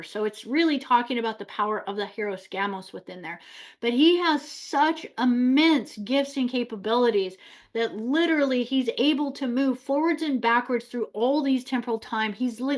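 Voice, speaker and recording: A woman with a fairly high voice talks casually to her viewers, stopping to explain a story. She sounds chatty and keeps adding little fillers as she goes. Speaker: spiritual host.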